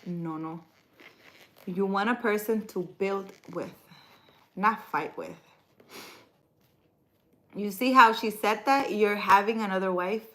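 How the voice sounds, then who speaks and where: A woman's voice: mid-range voice, animated, slow, long pauses, pushed and bright, low-quality recording. Chatty woman hosting a spiritual livestream. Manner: playful and teasing, then earnest and instructive. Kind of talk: casual livestream chat reading viewer comments.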